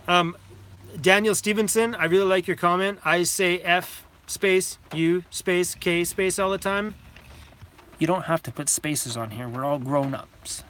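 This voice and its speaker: A man's voice: high voice, slow, pauses often, fairly bright tone, slight background noise. A middle-aged man, chatting casually on a live stream, telling rambling stories, laughing and swearing freely. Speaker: vlogger hosting a live Q&A. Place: inside a van. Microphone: phone camera.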